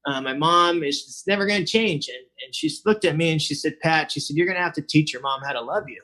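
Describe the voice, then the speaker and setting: Guy in his 40s rambling through his story, kinda high voice, lots of um and you know. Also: fast talker, bright, forceful tone. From Southern California. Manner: casual, rambling, many fillers and restarts. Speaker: recovery meeting speaker. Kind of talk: personal recovery talk. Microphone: online meeting.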